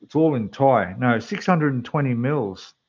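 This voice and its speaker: Building models on a casual livestream, an Australian man chats away and rambles to viewers in an expressive, unhurried, medium-pitched voice that's rough and losing its depth. The recording is muffled, from a desk microphone that gets quieter when he turns away.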